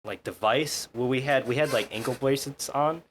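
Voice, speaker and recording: A man's voice: mid-range voice, fairly quick, slight background noise. A young man, a podcast guest, telling a rambling, sweary story in casual chat. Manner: swears a lot, rambling with restarts.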